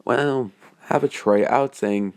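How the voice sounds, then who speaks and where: A man's voice: mid-range voice, slow pace, a little mellow, clear, resonant tone. A man narrating a fan story off the cuff, rambling with many hesitant restarts. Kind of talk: improvised fan story reading.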